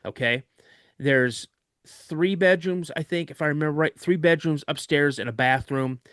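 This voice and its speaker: A podcast guest vividly recounts a frightening true story from his own life. His voice is a little high and fairly bright, at normal speed, with clean studio sound and no room echo.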